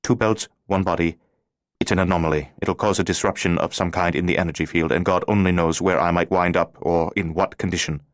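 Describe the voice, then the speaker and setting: A man's voice: sits low, steady tone, brisk, no room sound, clean studio sound, natural voice. A man playing an urgent, secretive male stranger in an audiobook, giving terse instructions.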